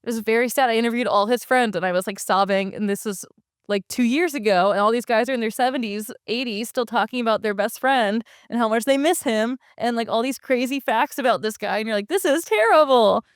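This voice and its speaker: A woman's voice: a little high, fairly even intonation, brisk, clear, resonant tone, no room sound, clean studio sound. A woman co-hosting a podcast, recapping a story in casual chat with many fillers. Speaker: podcast co-host.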